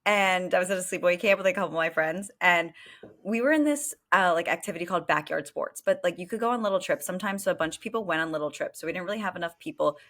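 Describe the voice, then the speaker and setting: A woman co-hosting a podcast, telling a story in a casual, animated way, full of fillers and swearing. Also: fairly low pitch, racing. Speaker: podcast co-host.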